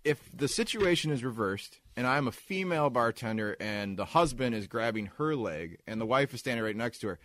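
Bright, lively-voiced man telling a story. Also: medium pitch, a little fast, hardly any pauses, dry recording. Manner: rambling storyteller, laughs often. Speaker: podcast co-host. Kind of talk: casual podcast banter.

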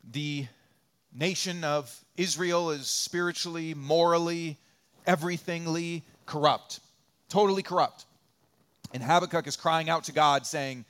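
A man preaching a church sermon with a fairly high voice. He talks in an animated way and acts out the questions and answers he describes, building in intensity as he goes. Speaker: pastor.

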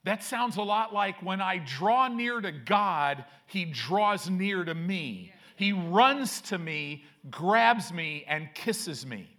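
Slow, animated preaching man. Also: sits high. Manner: lively preaching, slow emphatic phrasing, reads scripture aloud. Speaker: pastor. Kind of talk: sermon.

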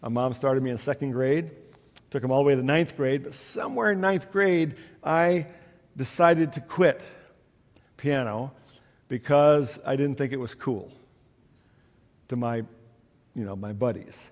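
A pastor giving a sermon in a church, telling stories in a conversational way with soft, quiet asides. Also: male voice, medium pitch, a little slow, pauses often. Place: church sanctuary. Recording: long hall reverb.

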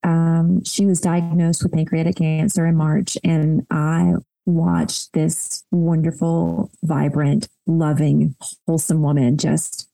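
Woman in her thirties, low gravelly voice, very dark tone, dry close sound, heartfelt storytelling. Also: level tone, slow pace, hardly any pauses, no room sound, rough recording. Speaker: podcast guest.

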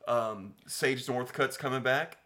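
A man around thirty, co-hosting a podcast in a relaxed, easygoing way. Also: medium pitch, slow pace. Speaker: podcast co-host. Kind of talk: casual chat.

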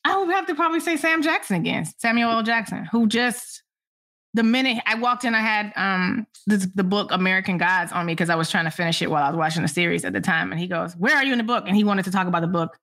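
A woman journalist in an interview, telling animated stories of meeting famous people, laughing and acting out what was said. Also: medium pitch, fast talker. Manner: animated, laughing, acts out quotes. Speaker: entertainment journalist. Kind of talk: casual interview storytelling.

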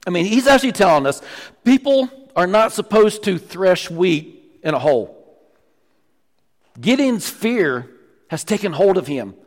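A man preaching a sermon as pastor, emphatic, often dropping to low, quiet lines for stress. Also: expressive, measured pace, long pauses. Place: church sanctuary. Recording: long church reverb.

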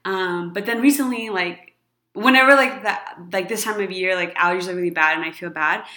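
A woman's voice: mid-range voice, fairly quick, pushed and bright, roomy sound. A woman in her thirties telling a long personal story to friends in casual chat, rambling with lots of fillers and frequent laughter.

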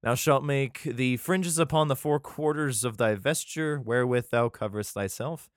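A man's voice: medium pitch, normal speed, smooth, dry recording, clean studio sound. A man reading archaic scripture aloud, stumbling over words and breaking off into irreverent, swearing, joking commentary. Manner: stumbles and restarts while reading archaic text.

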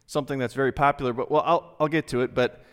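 Male pastor, mid-pitched, earnest, conversational sermon delivery with pauses; long sanctuary reverb. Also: fairly even intonation, fairly bright tone, clean tone. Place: church sanctuary. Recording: long reverb from a large hall.

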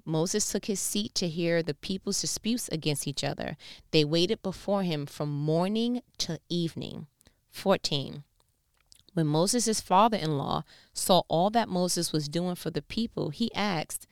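A woman with a New York accent talks through a Bible passage in a relaxed, slangy way, tossing in playful asides. Her voice sits low and sounds smooth. The sound is dry and close. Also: dry recording. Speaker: Bible teacher. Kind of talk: casual devotional teaching.

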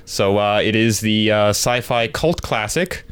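A man co-hosting a casual movie podcast, chatty and quick to laugh. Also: fairly low pitch, clear, resonant tone. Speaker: podcast co-host.

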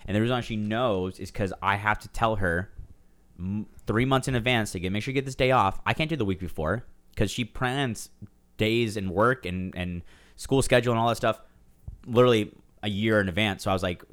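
A man's voice: lowish voice, a little fast, fairly bright tone. A man in casual chat, telling stories animatedly and acting out quoted lines with teasing humour. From San Diego area.

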